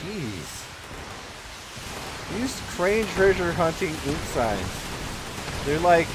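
A man chatting casually with friends while playing a game, excitable, stammering and making sound effects. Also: on the high side, slow, long pauses, heavy background noise. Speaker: gaming youtuber. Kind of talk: casual gaming chat with friends.

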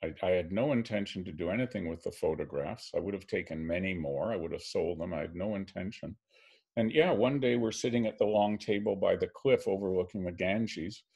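An older Canadian man, a filmmaker, telling a story gently and reflectively as a guest on a video call. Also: deep voice, a little fast, vocal fry, husky.

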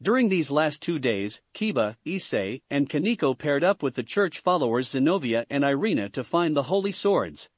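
A man reading fan fiction aloud in an animated, slightly stumbling way. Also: fairly high pitch, normal speed, few pauses, no echo. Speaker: story reader.

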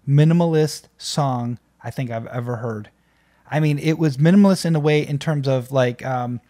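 A man's voice: medium pitch, dark tone. Rambling man reacting to an album. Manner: rambling, enthusiastic, many fillers and restarts. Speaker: music reaction host. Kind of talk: casual reaction commentary.

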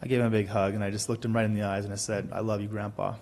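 A man speaking at his grandfather's funeral, talking haltingly and softly and repeating words as he gathers himself. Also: on the low side, flat delivery. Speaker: grandson giving a eulogy. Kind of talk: funeral eulogy. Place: funeral home chapel.

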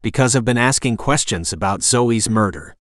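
A man's voice: medium pitch, animated, normal speed, no echo, clean studio sound, natural voice. Determined young woman, urgent, lighter voice, read by a man.

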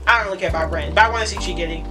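Excitable swearing woman reacting live. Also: fairly low pitch, very fast, over music. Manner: excitable, swears, laughs and shrieks often. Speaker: manga reader reacting live. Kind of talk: casual reaction read-along.

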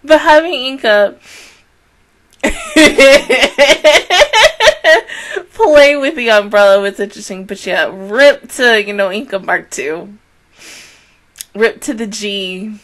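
A woman in her late twenties hosts anime reactions in a casual, slangy, animated way, laughing a lot and swinging from loud squeals to soft murmurs. Her pitch is medium and her pace measured.

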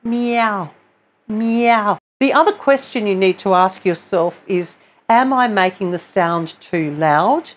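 A woman's voice: mid-range voice, lively intonation, unhurried. A woman vocal coach giving a singing lesson, explaining technique patiently and step by step. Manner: patient, explanatory, demonstrates sounds between explanations.

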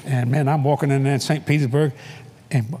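A male preacher telling a story in a sermon at a convention, animated and playful, laughing often and bursting into shouts. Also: medium pitch, fairly quick, a little hiss or hum. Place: convention hall before a live audience.

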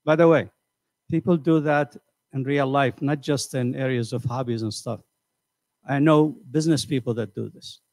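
An older man giving a motivational seminar, animated and conversational, asking the audience questions and acting out voices. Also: medium pitch, moderate pace, no room sound, clean studio sound. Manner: animated, acts out quoted voices. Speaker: seminar speaker. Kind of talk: motivational lecture. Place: community center hall.

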